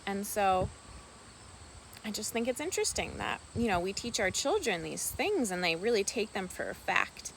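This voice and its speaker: A woman vlogging casually outdoors on a farm, talking softly and rambling fondly about her pet ducks. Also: medium pitch, very animated, normal speed, a little hiss or hum. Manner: soft-spoken, meandering, affectionate toward her pets. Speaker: vlogger and duck keeper. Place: outdoors on a rural farm by water.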